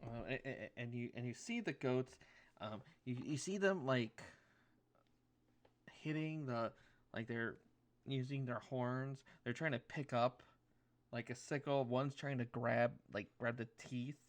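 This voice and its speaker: A man's voice: medium pitch, a little slow. A man narrating a tabletop game as dungeon master, with hesitant, filler-filled descriptions.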